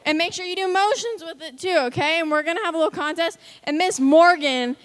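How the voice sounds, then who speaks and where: A woman's voice: very high-pitched, a little fast, fairly bright tone. A woman leading a kids' church lesson, upbeat and coaxing as she calls out countdowns to the children. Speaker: children's ministry leader.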